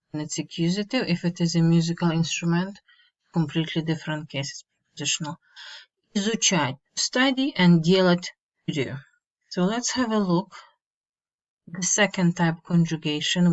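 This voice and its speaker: A woman teaching a slow, step-by-step grammar lesson, repeating each word and giving its meaning. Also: fairly low pitch. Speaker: language teacher. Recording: dull lo-fi mic.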